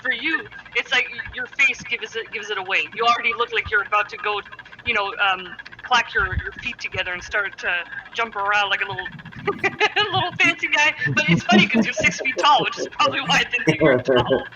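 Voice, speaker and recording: A man's voice: sits high, lively intonation, brisk, muffled recording, background noise. A man chatting casually on a livestream, teasing and laughing.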